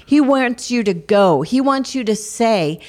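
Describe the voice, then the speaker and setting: An older woman co-hosts a Christian talk show, her fairly high, darkish voice animated yet measured in pace. She earnestly encourages listeners in a devotional vein, drawing on stories from her family.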